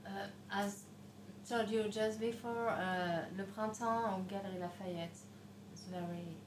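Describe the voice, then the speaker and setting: A woman's voice: mid-range voice, steady tone, measured pace. French-accented woman, hesitant short answers, echoey room with noise. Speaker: native French speaker guest. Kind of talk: casual language lesson.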